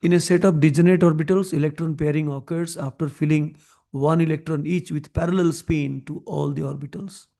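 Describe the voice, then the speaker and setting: A man's voice: fairly high pitch, fairly even intonation, brisk, creaky, warm tone. A man teaching a chemistry class, mixing English and Odia, asking students questions as he explains. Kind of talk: classroom lecture.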